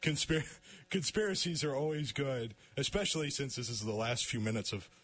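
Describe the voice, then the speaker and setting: A man's voice: medium pitch, a bit bright. A young man hosting a casual radio talk show, stumbling and restarting his sentences as he chats. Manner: halting, many restarts, laughs often.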